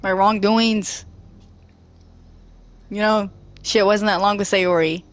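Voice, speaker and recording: A woman's voice: medium pitch, fairly even intonation, slow. A woman doing casual let's play commentary, muttering and swearing in exasperation. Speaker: let's player.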